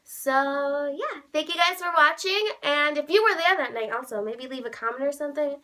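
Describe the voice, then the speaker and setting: A young woman vlogging, telling a story with gushing excitement, saying "like" constantly and squealing when she quotes herself. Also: high voice, brisk. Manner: gushing, heavy use of "like", bursts of squealing quotes.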